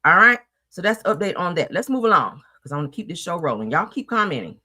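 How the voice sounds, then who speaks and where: A woman's voice: on the low side, fast, husky. A woman hosting a commentary show, ranting emphatically and swearing freely in casual talk. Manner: animated, profane, emphatic ranting.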